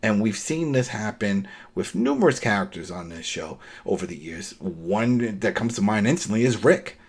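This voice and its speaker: A man's voice: fairly low pitch, normal speed, breathy edge. A man on a podcast, casually recapping a TV episode and acting out the characters' lines. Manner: animated, acts out characters' lines in quotes. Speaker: podcast co-host.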